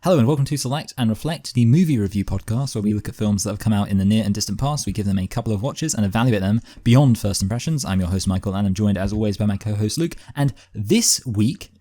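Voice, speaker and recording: Low, dark-voiced man. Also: quick pace, few pauses, dry recording. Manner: dry, wry quips. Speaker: podcast host. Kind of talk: casual chat.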